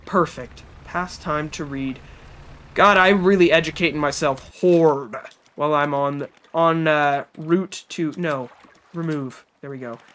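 A man's voice: fairly high pitch, measured pace, a bit bright. A man streaming live, chatting as he plays and talking back to game characters and his chat. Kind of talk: live gameplay commentary.

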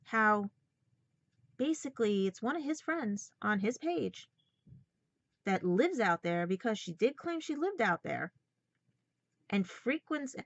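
Calling her viewers "guys" over and over, a woman delivers a confrontational, angry rant in her personal vlog. Her pitch sits in the middle and there's no room sound; the recording is lo-fi, dull and dry.

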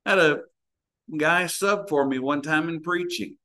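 A man's voice: on the high side, measured pace, pushed and bright. Storytelling preacher, man. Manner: storytelling preacher, acts out voices in anecdotes. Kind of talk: sermon.

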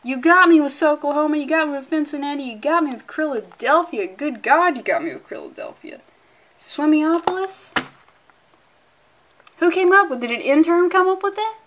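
A woman's voice: high-pitched, a little fast, few pauses, a bit bright, slight background noise. A young woman reviewing a comic book in a casual, sarcastic, profane and rambling way. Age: young adult.

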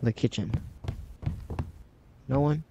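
Speaking slowly in a medium-pitched, creaky, warm voice, a man hosting a gaming channel chats while playing a horror game and reads its lines aloud. Slight background noise sits in a somewhat dull game recording with faint music.

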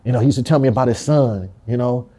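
A man's voice: medium pitch, fast, warm tone, husky. A man from Compton speaking in a candid interview, emphatic and full of street slang and profanity. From Compton, California.

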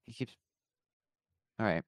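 A man co-hosting a podcast in casual chat, laid-back and quick to chime in. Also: no room sound. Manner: laid-back, frequent agreeing interjections. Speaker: podcast co-host.

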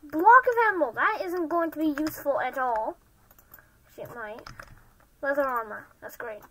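Young gamer, high bright voice, excitable shouts and mumbled asides while playing. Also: moderate pace, rough recording. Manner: excitable, muttering half-whispered asides to self. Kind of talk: Minecraft gameplay commentary.

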